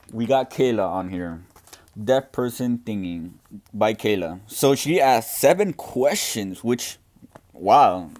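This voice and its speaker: Loud, earnest young deaf man. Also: mid-range voice. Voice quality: deaf speaker's voice. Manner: speaks loudly and earnestly, with many restarts. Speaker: student podcaster answering questions. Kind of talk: casual Q and A.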